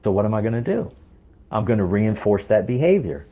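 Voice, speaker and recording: Male guest, lowish voice, emphatic, asks rhetorical questions, phone-quality audio. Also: sing-song, a little fast, husky. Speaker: podcast guest, stress coach. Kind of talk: explanatory interview talk. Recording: tinny phone-like line.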